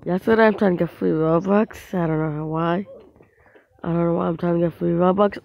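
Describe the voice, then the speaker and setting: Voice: medium pitch, fairly even intonation, brisk, vocal fry, muffled recording. A gamer giving casual let's-play commentary on their own mobile play, rambling to themselves with frequent restarts and small outbursts at the game.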